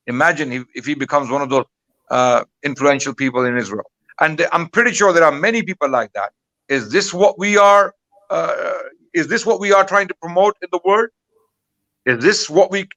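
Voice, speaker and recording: A man's voice: fairly high pitch, bright, forceful tone, no room sound, poor audio. A man giving impassioned commentary as a guest, indignant and full of rhetorical questions.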